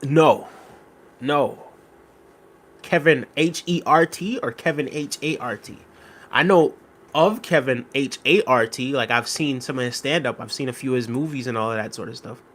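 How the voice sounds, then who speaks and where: A man's voice: mid-range voice, moderate pace, fairly bright tone. A man hosting a casual live stream, reading viewer comments aloud and thanking them by name. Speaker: livestream host reading chat.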